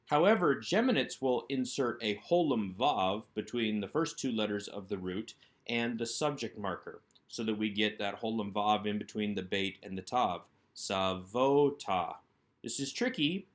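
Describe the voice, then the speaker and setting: In this recorded workbook lesson, a male Hebrew instructor speaks in a fairly low voice. Item by item, he raises a question and supplies the answer himself.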